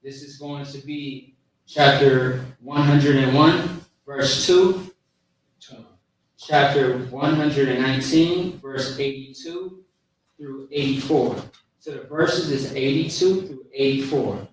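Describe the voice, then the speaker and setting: Man teaching scripture, slow and unhurried, checks in often; recorded far from the mic in a very reverberant room. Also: mid-range voice. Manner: repeats points, checks in with "okay?". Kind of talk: casual scripture lesson.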